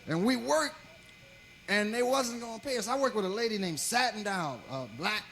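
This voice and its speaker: Gravelly, animated stand-up comedian man. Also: high voice, normal speed, faint music behind. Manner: profane, animated, swings between loud and quiet. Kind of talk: stand-up storytelling.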